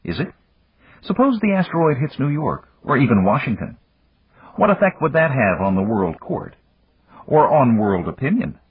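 In a dull, lo-fi audiobook recording with no room sound, a man voices a composed, insistent woman president, lifting his voice above his natural one into a lighter register. The medium-pitched delivery is slightly rough, moves at a moderate pace with big pitch swings, and comes across as firm, insistent and lecturing.

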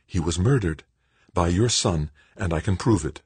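A man's voice: sits low, moderate pace, slightly rough, no echo. A man doing a cold, vengeful woman. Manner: cold, hushed, flat.

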